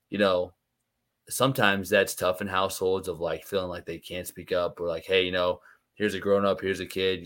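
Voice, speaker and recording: Low-voiced man musing on parenting. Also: a bit bright. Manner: reflective, many fillers. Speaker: podcast guest, co-founder. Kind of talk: casual conversation.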